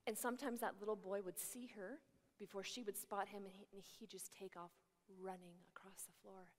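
A woman who is a religious sister, giving a humorous keynote talk and telling stories in a lively, animated way. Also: mid-range voice, a little fast. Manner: lively, animated storyteller acting out voices. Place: large conference hall. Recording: echoey large hall.

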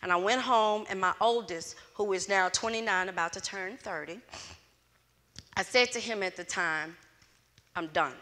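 A woman's voice: medium pitch, normal speed. A middle-aged woman from Louisiana, telling her story in a motivational speech to students and acting out the dialogue with energy. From Louisiana, USA. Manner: animated storyteller who acts out dialogue. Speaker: closing speaker at a student event. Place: event hall with student audience. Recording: echoey hall.

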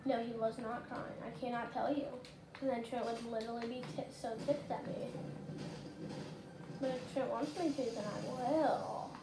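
High-voiced excitable female gamer. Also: normal speed. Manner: excitable, rambling, shouts at the game. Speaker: gaming channel host. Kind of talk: casual gameplay commentary. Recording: roomy and noisy.

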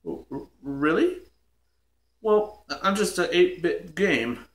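A man's voice: high-pitched, animated, slow. A man voicing an insecure old-school eight-bit game plumber in a homemade toy skit, puzzled and easily hurt. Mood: deflated. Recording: echoey room.

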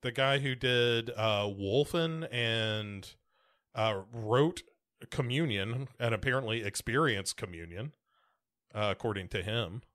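A US-born man co-hosting a podcast chats casually, wandering through his thoughts with frequent fillers and restarts. His medium-pitched voice is fairly bright, and he takes things slowly.

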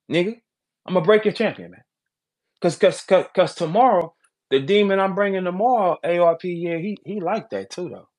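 A man, a battle rapper, delivering a heated, confrontational call-out, jumping between shouting and low muttering. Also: normal speed. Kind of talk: heated trash talk call-out.

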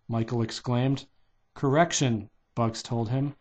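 A man's voice: mid-range voice, unhurried. A man casually reading a children's novelization aloud, barely changing his voice for the characters.

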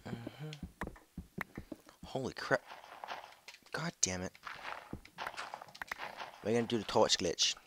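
A young man giving casual gameplay commentary from home on a headset mic, excitable, jumpy and swearing often. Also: mid-range voice, measured pace, long pauses, background noise. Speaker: gaming video creator.

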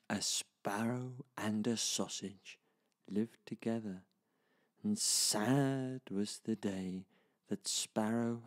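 A man telling a traditional children's story in a slow, lively, sing-song way. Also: lowish voice.

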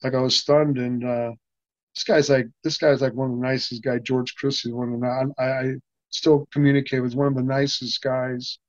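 A man's voice: medium pitch, flat delivery, moderate pace, dry recording. An older man, an interview guest, rambling through a story with many restarts and acting out what people said. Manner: rambling, many restarts, acts out quoted dialogue. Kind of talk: casual anecdotal storytelling. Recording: dull, dry sound.

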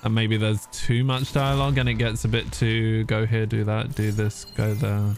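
A man's voice: on the low side, little pitch movement, normal speed, soft background music. A man streaming a video game live, chatting casually with his viewers, swearing and laughing as he plays. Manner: chatty, swearing, laughing, reading chat aloud. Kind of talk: casual gameplay commentary.

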